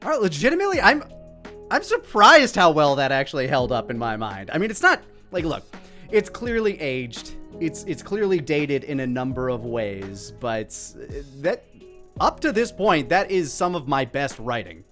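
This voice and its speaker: A man's voice: a little high, very animated, moderate pace, sharp tone, soft background music. A man giving casual commentary on his own old parody video, rambling and self-deprecating. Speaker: creator and commentator.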